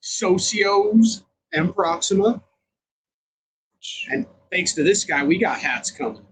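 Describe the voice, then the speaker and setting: A man co-hosting a relaxed livestream chat, greeting viewers by name and shouting them out. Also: high-pitched, slow pace, a little hiss or hum, poor audio. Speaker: co-host.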